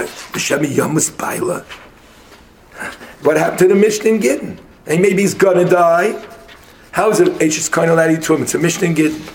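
A man with a somewhat high voice works through a Talmud passage with a study partner. He argues fast and insistently. His English is dense with Hebrew and Aramaic terms. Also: slight background noise. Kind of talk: casual Talmud study session.

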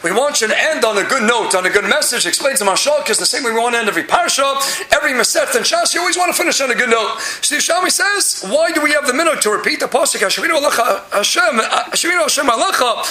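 A man's voice: very high voice, bright, forceful tone, roomy sound. A man giving an impassioned Torah lecture, rising to exclamations and using many Hebrew terms. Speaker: Torah teacher.

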